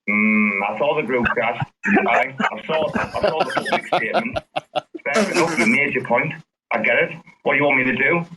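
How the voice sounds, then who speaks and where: A man's voice: mid-range voice, sharp tone, a little hiss or hum, poor audio. A man in a casual group chat, swearing and sarcastic in a mock-indignant rant.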